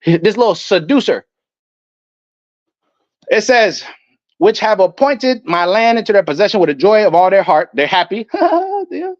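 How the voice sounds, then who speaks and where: A man's voice: high-pitched, lively intonation, normal speed, long pauses, no room sound. A man preaching a heated sermon, reading scripture aloud and cutting in with profane, confrontational asides. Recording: dull, muffled lo-fi audio.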